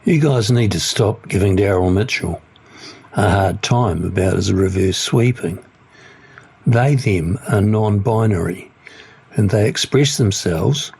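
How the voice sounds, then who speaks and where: A man leaving a deadpan joking voice message for a sports podcast. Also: on the low side, unhurried, gravelly, slightly rough. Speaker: listener voice message. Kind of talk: recorded voice message.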